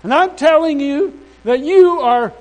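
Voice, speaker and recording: An imperious female official, angry and commanding, as a preacher puts her on in a sermon story. She stresses each order firmly in a very high, bright-edged voice. She is plainly used to getting her way. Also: unhurried, low-quality recording. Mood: indignant. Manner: commanding, emphatic.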